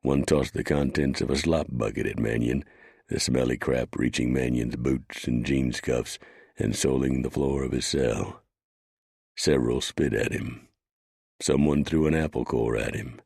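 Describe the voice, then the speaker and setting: A man reading a western audiobook in measured scripted narration. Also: rumbling low, steady tone, creaky, a little mellow, slightly rough, dry recording, clean studio sound.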